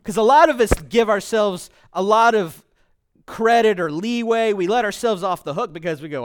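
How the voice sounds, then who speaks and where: Pastor, male, high voice, playful humorous sermon, dynamic hushed-to-loud emphasis. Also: moderate pace. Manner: joking, playful asides mixed with preaching; shifts between hushed and loud emphatic delivery.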